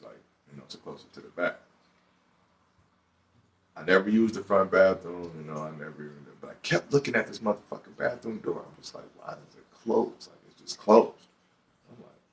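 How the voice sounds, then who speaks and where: Deep-voiced Detroit man telling a story. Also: far from the mic. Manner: profane, animated street storytelling. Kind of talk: casual storytelling.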